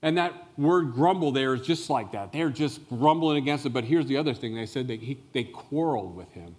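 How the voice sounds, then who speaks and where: Guy preaching a sermon, mid pitch voice, big hall echo, storytelling and asking the room questions. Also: fairly quick. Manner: animated storyteller who explains words and asks the listeners questions. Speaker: pastor. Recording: long reverb of a large hall.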